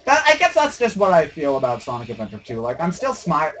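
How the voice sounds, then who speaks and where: A male streamer rambling over gameplay, swearing freely and quick to sarcasm. His voice sits fairly high and jumps around a lot in pitch. A faint hum runs underneath. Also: huge pitch swings, a bit bright, rough recording. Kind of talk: casual gameplay commentary.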